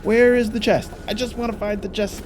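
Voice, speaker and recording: A man's voice: sits high, fairly even intonation, fairly quick, faint music behind. A young man giving frantic, frustrated commentary while playing a game. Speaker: gaming YouTuber. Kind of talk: gameplay commentary.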